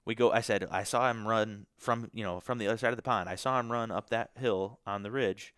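A man's voice: fairly low pitch, steady tone, a little fast, a bit bright, clean tone, dry recording, studio quality. A man from Michigan, a podcast guest, telling a story in a casual, emotional way full of fillers.

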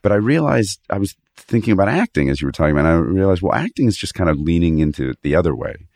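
A man's voice: low voice, big pitch swings, very fast, gravelly, a little mellow, dry recording, clean studio sound. A man in his forties, a guest actor, chatting casually on a podcast, rambling and cutting himself off mid-thought, swearing freely.

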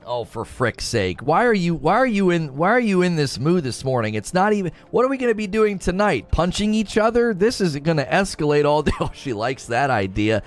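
A man's voice: a little fast, few pauses. A man hosting a casual livestream, reading viewer comments from home and ranting with lots of laughter. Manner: animated, laughing, rants with rising pitch. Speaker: livestream host. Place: home room.

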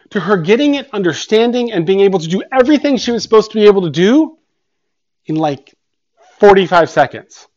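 A man who works as a tutor and teacher, telling a personal story in an earnest, rambling way and often repeating and restarting phrases. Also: a little high. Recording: dull, muffled lo-fi sound.

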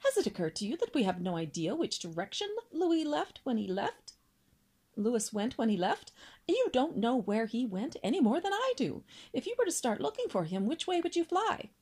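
A woman voicing an impatient, sharp-tongued mother swan in a storybook reading. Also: a little high, big pitch swings, normal speed, slightly rough, full character voice. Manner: impatient, needling questions.

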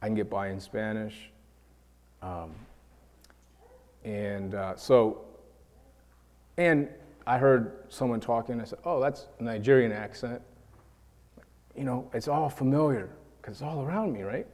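A preacher from New York giving a lively sermon, acting out quoted voices and repeating words as he builds his points. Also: medium pitch, unhurried, pauses often. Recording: long reverb of a large hall.

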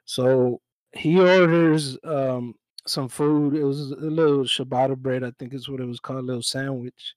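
A man's voice: mid-range voice, moderate pace, dry recording, poor audio. Laid-back young man telling a work story. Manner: relaxed, swears freely, acts out both sides of his stories. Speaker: podcast co-host. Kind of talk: casual storytelling chat. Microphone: own mic, remote call.

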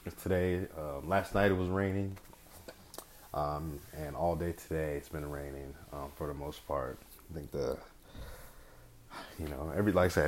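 Man, very low voice, podcast host, casual rambling chat, slangy, swears a lot. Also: slight background noise. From California. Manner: loose, rambling, profane, slangy banter. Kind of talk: casual solo podcast monologue.

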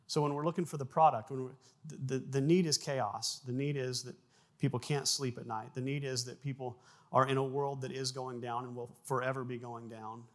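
A man preaching a sermon, animated, with frequent repeated words and acted-out sound effects in his stories. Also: mid-range voice, a little fast. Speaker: pastor.

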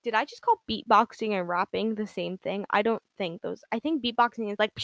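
A woman's voice: medium pitch, fairly even intonation, fairly quick, few pauses, fairly bright tone, no echo. A young woman hosting her own podcast, talking casually in a rambling, giggly way full of "like" and "um.". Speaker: podcast host. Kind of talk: casual solo podcast monologue.

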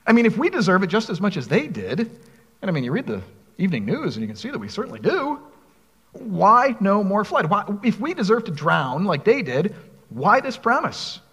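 A man's voice: high voice, normal speed, slightly rough, big-room sound. A man preaching a sermon, reading scripture aloud and putting questions to his listeners. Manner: expressive preaching, reads scripture aloud, asks the congregation questions. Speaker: pastor.

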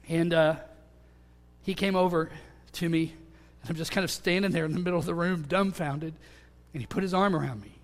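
High-voiced man preaching in echoing hall. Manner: earnest storytelling, swings from loud to hushed. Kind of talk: sermon testimony. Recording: long hall reverb.

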